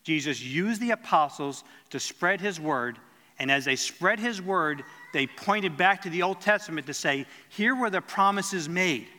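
Male preacher, sermon, earnest teaching tone, bright forceful voice, fairly high, long hall reverb. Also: expressive, moderate pace. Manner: earnest, teaching tone with frequent restarts.

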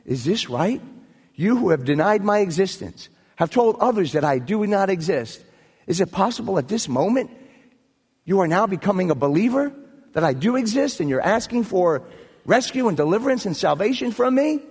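A man's voice: sits high, very animated, moderate pace, darkish tone, husky, voice pushed up, exaggerated voice. A man voicing God speaking down from heaven in an incredulous, questioning tone, as a preacher tells a joke. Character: booming male voice of God from heaven. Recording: echoey hall reverb.

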